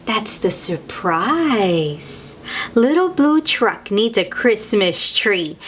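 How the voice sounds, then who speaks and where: A young woman reading a children's picture book aloud, gently exclaiming and pointing things out to young listeners. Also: mid-range voice, lively intonation, takes it slowly, slightly rough. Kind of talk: read-aloud storytime.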